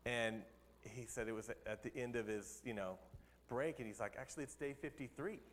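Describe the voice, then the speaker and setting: Pastor preaching in a reverberant church hall. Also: male voice, lowish voice, steady tone, normal speed, slight background noise. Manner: conversational, laughs at his own jokes. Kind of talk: sermon.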